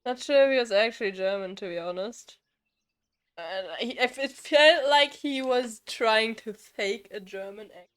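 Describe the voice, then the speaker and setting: A woman's voice: a little high, normal speed, few pauses, fairly bright tone, clear, resonant tone. A young woman streaming a game live, chatting casually and rambling with frequent laughs.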